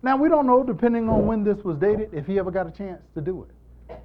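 A man preaching a sermon in an animated, emphatic style, repeating lines and moving between loud and hushed delivery. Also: high voice, quick pace, narrow, tinny audio, background noise. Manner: repetitive, emphatic call-and-response delivery.

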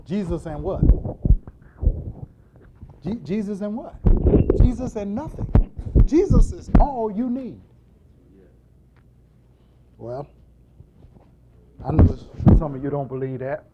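An animated male preacher with a lively, wide-ranging pitch, pressing his points through repetition and call-and-response. His voice swings between booming emphasis and hushed softness. The recording is dull and lo-fi. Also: takes it slowly, pauses often, heavy background noise. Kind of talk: sermon.

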